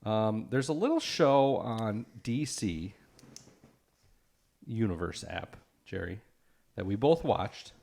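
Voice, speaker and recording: A young man with a low voice and a gravelly, fry-laced edge chats easily with his co-host. Now and then he reads facts aloud from what he looks up. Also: expressive, slow pace, long pauses, darkish tone. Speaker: podcast co-host. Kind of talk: casual chat.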